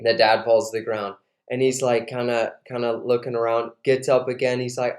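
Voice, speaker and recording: A man hosting an interview, casually telling an animated story with lots of fillers. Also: mid-range voice, moderate pace. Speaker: host. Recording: roomy echo.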